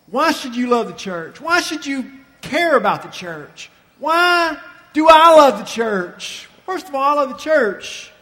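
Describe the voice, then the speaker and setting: A pastor preaching a sermon with emphatic, slowly stressed phrases and rhetorical questions. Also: male voice, very high voice, bright, forceful tone, long reverb tail.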